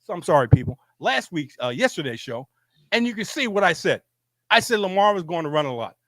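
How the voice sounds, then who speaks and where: A sports show host, male, talks briskly in a high, sing-song, fairly bright voice with no room sound. Arguing heatedly to the camera, he presses his point, says things again, and stammers through restarts.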